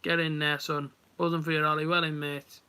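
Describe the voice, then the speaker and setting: A young streamer comments on a match in real time, speaking straight to viewers in a chatty, rambling manner. His voice sits on the high side, smooth yet sharp-toned, with little pitch movement and a fairly quick pace.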